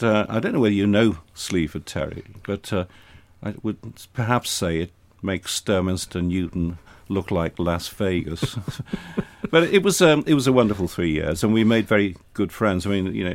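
A man's voice: deep voice, normal speed, dry recording. An older man, a retired air force officer, reminiscing in an interview with dry humour. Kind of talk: reminiscing in conversation.

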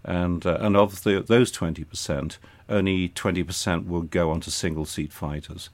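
An older retired air force officer recalls his early years in an interview. His voice is very low and dry in tone, and his telling is anecdotal and gently wry. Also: steady tone, moderate pace, dry recording. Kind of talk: reminiscing in conversation.

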